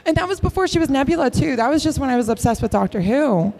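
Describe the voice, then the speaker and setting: A woman's voice: on the high side, lively intonation, a little fast, darkish tone. Giggly gushing young woman. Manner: giggly, gushing, laughs often. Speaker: cosplay guest at a convention panel. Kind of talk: excited casual Q&A.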